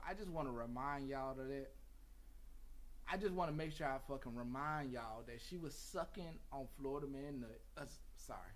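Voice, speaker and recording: A man hosting his own gossip channel, talking casually in a profane, rambling, emphatic way, repeating his warnings and apologies. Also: mid-range voice.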